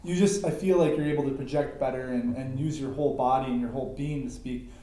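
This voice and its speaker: A man's voice: mid-range voice, steady tone, fast, dark tone. A man hosting a podcast interview, affirming his guest with frequent thanks and murmurs of agreement. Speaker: podcast host. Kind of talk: casual interview talk. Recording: very echoey room.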